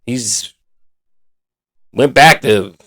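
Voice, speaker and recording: A man's voice: medium pitch, very slow, a bit bright, dry recording. A man hosting a sports podcast in a casual, blunt and exasperated manner, full of colloquial slang. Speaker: podcast host.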